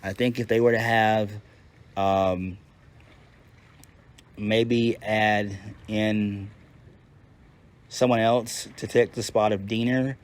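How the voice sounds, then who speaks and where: A man's voice: fairly low pitch, steady tone, slow pace, pauses often. A man giving a casual, unscripted recap as a reviewer, blunt and profane, often restarting his sentences. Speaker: wrestling show reviewer.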